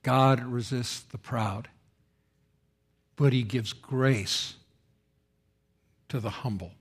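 A man preaching a sermon, swinging between loud dramatic quotes and quiet, solemn passages. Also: mid-range voice, extremely slow, breathy edge. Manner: expressive preaching, rising loud for quoted speech and dropping soft for solemn lines. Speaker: pastor.

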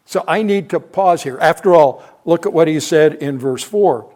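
In expository Bible teaching, an older man thinks out loud, restarting and correcting himself frequently. His voice sits a little high, with a darkish tone at a moderate pace.

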